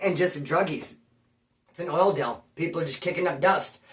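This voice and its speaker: A man telling a story in a rambling, slangy, animated way, recorded in a room at his home. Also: fairly high pitch, moderate pace. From Bakersfield area. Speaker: storyteller on his own channel. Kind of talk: casual storytelling. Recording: roomy, mic at a distance.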